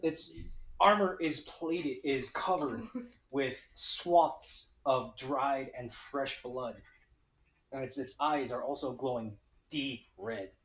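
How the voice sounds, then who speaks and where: Male game master, slow narrator, echoey room. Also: mid-range voice, fairly bright tone. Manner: slow, deliberate descriptive narration.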